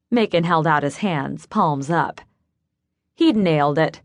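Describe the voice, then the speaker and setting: A woman's voice: deep voice, takes it slowly, no echo. Dry close-miked woman narrator. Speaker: audiobook narrator. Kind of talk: scripted first-person narration. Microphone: close studio mic.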